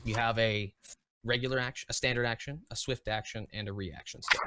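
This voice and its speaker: A man running a tabletop game as game master, talking in an unhurried, searching way with many fillers and restarts. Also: medium pitch, steady tone, pushed and bright, no room sound.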